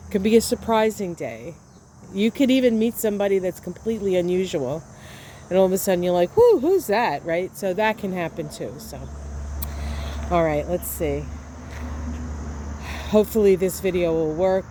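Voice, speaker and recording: A woman's voice: on the low side, normal speed, long pauses, mellow, a little hiss or hum. A woman vlogging casually to camera outdoors in her garden, chatty and enthusiastic, often trailing off with fillers. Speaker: astrology vlogger.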